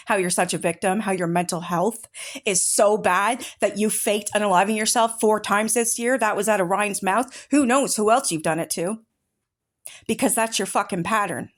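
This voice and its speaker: A woman with a medium-pitched voice speaks at normal speed in a steady tone. She hosts a true-crime commentary channel online, reading chat messages aloud and breaking in with furious, profane, confrontational outbursts.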